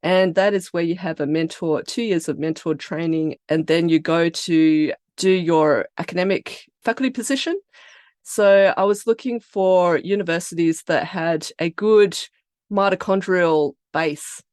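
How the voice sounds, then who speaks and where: This biotech founder from Australia, speaking with an Australian accent, chats easily about her career and research on a podcast. Her lowish voice moves a little slowly, captured in clean studio sound without echo.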